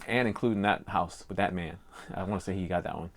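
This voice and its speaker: A man's voice: low voice, fast, gravelly. An older man with a Cajun accent, co-hosting a casual podcast and telling a rambling story full of fillers. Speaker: podcast co-host. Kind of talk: casual chat.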